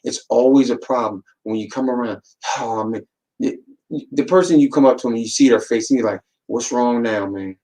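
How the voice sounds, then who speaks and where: Man, podcast host, casual motivational talk, repeats for emphasis, mid pitch. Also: moderate pace, dark tone, rough recording. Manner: preachy, repeats words for emphasis, acts out quotes.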